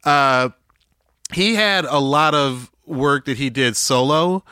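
A man's voice: mid-range voice, takes it slowly, pushed and bright, clear, resonant tone, dry recording, clean studio sound. A man from Atlanta co-hosting a podcast, musing enthusiastically through a casual music breakdown. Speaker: podcast co-host. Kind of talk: casual music-discussion chat.

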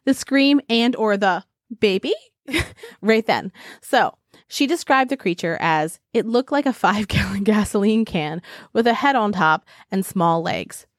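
A woman from Arizona co-hosting a casual podcast, animated, laughing often and swearing freely. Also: mid-range voice, unhurried, no room sound, studio quality. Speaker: podcast co-host. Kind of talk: casual chat. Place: home.

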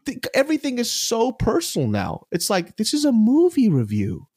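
Blunt, animated, swearing podcast host. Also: male voice, very high-pitched, normal speed, husky, dry recording, studio quality. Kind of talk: casual podcast chat.

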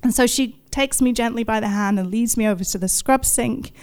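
This thirties-aged woman's voice is a little high and a little fast, slightly mellow, clear and resonant. She shares a first-person story with an audience in the present tense, painting it vividly, poking fun at herself and laughing in bursts.

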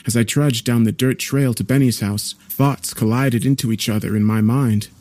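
A man narrating a horror story in a measured, somber way. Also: medium pitch, steady tone, a little mellow, no echo.

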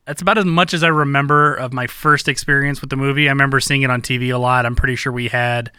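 Smooth, bright-voiced man, dry sound. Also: mid-range voice, steady tone, quick pace, no echo. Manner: easygoing, vague, hedging. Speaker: podcast co-host. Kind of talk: casual chat.

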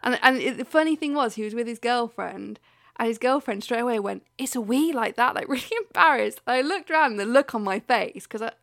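A woman's voice: on the high side, fairly quick, creaky, fairly bright tone. A woman co-hosting a podcast in casual chat, ranting animatedly, swearing freely and laughing often. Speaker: podcast co-host.

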